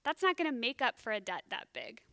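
A woman gives a casual sermon in a high, bright voice that stays smooth and clear. She talks in a chatty, self-deprecating way, thinking aloud as she explains. The sound is dry and close. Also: wildly swooping pitch, a little fast, no echo. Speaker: bible teacher.

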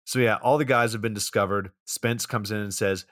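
A man's voice: lowish voice, steady tone, fairly quick, fairly bright tone, no room sound, studio quality. A young man casually recapping a movie's plot on a podcast, rambling along with plenty of fillers. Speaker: podcast co-host.

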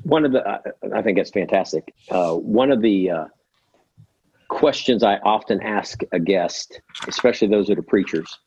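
A man's voice: on the low side, moderate pace, darkish tone, a little hiss or hum. A man hosting a podcast interview, asking conversational questions with frequent restarts. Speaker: podcast host. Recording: dry, dull, lo-fi.

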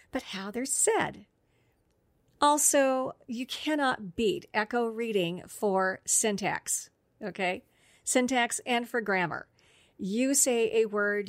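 A woman's voice: mid-range voice, no echo. A middle-aged woman, a speech-language therapist, explaining therapy strategies on an instructional podcast in an upbeat, step-by-step way. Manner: explanatory, upbeat, lists steps.

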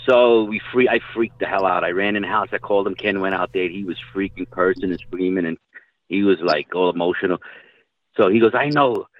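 A man's voice: sits low, a little fast, dry recording. A middle-aged man telling rambling hunting stories in casual talk, swearing now and then. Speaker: guest hunter telling stories. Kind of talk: casual storytelling. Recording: tinny phone-line audio.

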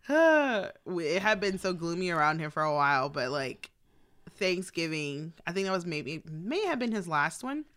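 Woman guest on a podcast, lowish voice, keeps laughing as she tells a story. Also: a bit bright. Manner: laughs often while telling stories. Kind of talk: casual chat.

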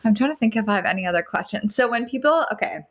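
A woman's voice: on the high side, animated, very fast. A woman hosting an interview in a casual, curious and affirming way. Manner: curious, asks questions, affirming. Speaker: interviewer host.

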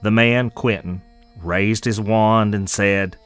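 Male narrator, lowish voice, faint music under. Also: steady tone, a bit bright, no room sound. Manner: measured, descriptive storytelling. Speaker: storyteller. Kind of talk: scripted narration.

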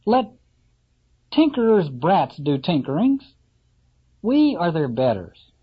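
A man's voice: on the high side, big pitch swings, slow pace, husky, heavily acted. A man putting on a fussy old ship's carpenter. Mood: indignant. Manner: eager questioning then indignant. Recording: slightly muffled lo-fi recording.

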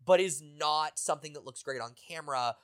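A man's voice: fairly high pitch, brisk, a bit bright, clear, resonant tone. A man co-hosting a podcast in casual chat, giving opinionated critiques with dry quips. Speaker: podcast co-host. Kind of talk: casual chat, reality TV recap.

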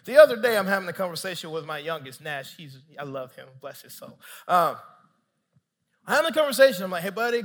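Man, pastor, sermon, high voice, animated funny storytelling, asides to the congregation. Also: long reverb tail.

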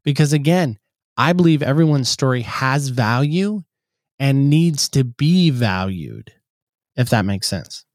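A man with an everyday, mid-range voice tells a story to his interviewer in an earnest, warm way. He slips into little voices for the people he quotes. The sound is dry and close, with no room echo. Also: mid-range voice, animated, measured pace. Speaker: podcast host, guest. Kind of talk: conversational storytelling.

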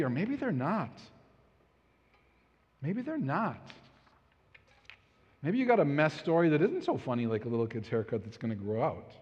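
A man in his thirties giving a storytelling talk with a life lesson, rambling, conversational and self-deprecating. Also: medium pitch. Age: 30s. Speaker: speaker. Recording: echoey hall, dull lo-fi sound.

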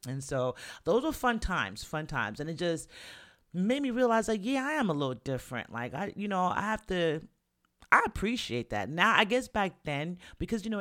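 A man from New York casually tells stories about his home city in a voice pitched a little higher than most men's. He's candid and animated, swearing freely and often breaking into laughter.

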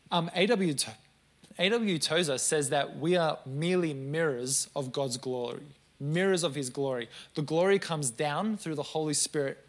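Guy giving a sermon, talky and earnest, cracks small jokes, slightly high voice. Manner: conversational and earnest, with joking asides. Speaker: preacher.

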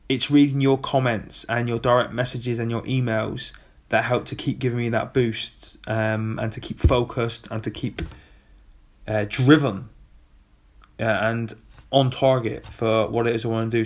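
Earnest man talking to his followers. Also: medium pitch. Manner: earnest and upbeat, with frequent ums. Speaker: athlete vlogging to his followers. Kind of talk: casual video diary. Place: hotel room, alone.

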